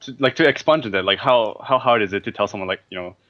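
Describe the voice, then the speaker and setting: A man from Singapore with a Singaporean accent, a guest making wry quick asides in a casual interview. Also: fairly low pitch, no echo. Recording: dull dry lo-fi call audio.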